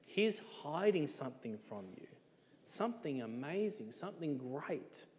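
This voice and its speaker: A man preaching a sermon in a relaxed, conversational way, with many rhetorical questions. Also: on the high side, unhurried, big-room sound, a little hiss or hum.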